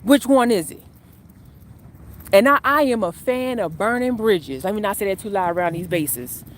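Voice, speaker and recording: A woman's voice: medium pitch, normal speed. A woman talking casually and animatedly to viewers as she walks outdoors, filming on a phone. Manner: chatty, animated, addresses viewers as y'all. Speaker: spiritual coach vlogger. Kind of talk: casual spiritual vlog talk.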